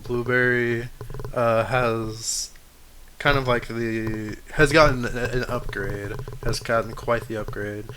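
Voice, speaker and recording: A man running a tabletop game as game master. He narrates casually and rambles, often restarting his sentences, at an average pitch. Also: steady tone, slow pace, a bit bright, a little hiss or hum.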